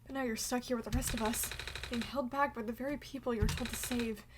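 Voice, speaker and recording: A woman's voice: a little high, fairly even intonation, brisk, noisy background, lightly acted. A woman voicing an anxious, apologetic construct character, with game music behind. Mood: worried.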